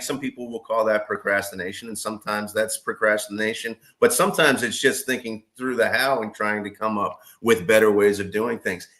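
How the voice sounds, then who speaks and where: A man's voice: lowish voice, sharp tone. A man co-hosting a podcast, chatting casually and rambling through examples with acted-out quotes. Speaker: podcast co-host. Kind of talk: casual chat.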